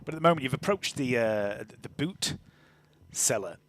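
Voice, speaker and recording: A man's voice: medium pitch, lively intonation, moderate pace, a bit bright. Casual male game master; loose, chatty scene-setting. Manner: rambling, full of fillers and chuckles. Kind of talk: narrating a tabletop game.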